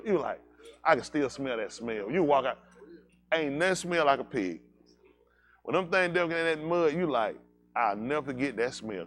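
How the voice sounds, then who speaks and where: A male pastor, telling country stories to his congregation in a loose, joking way and laughing at his own jokes. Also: medium pitch. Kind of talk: casual storytelling sermon.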